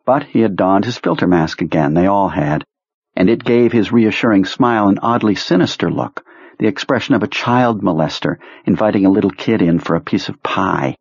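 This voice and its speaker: A man reading a novel aloud in steady, measured audiobook narration. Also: lowish voice, breathy edge, no room sound. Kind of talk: scripted narration. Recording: dull lo-fi dry sound.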